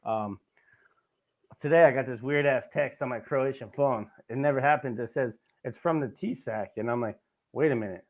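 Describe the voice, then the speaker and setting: A man's voice: medium pitch, normal speed, a little mellow. A man hosting a casual podcast, telling a rambling, profane story with lots of asides. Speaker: podcast host.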